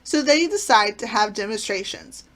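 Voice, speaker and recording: A woman's voice: medium pitch, animated, moderate pace, a bit bright. A woman casually reviewing favorite sitcom episodes, retelling plots with enthusiasm and frequent fillers. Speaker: channel host.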